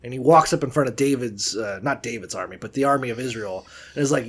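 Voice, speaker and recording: A man's voice: mid-range voice, fast talker, fairly bright tone, breathy edge. A man co-hosting a podcast who retells scripture in a profane, joking, irreverent way. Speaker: podcast co-host. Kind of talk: casual chat.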